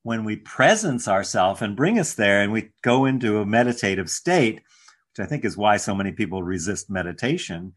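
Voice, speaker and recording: A man's voice: on the low side, sing-song, normal speed. Affirming, teacherly man. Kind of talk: casual conversation.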